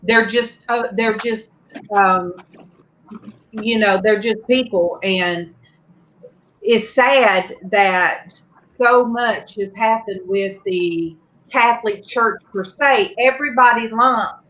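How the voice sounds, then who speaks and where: A woman's voice: on the high side, slow, a bit bright, lo-fi sound. A woman rambling through a heartfelt story in a casual group chat, full of fillers.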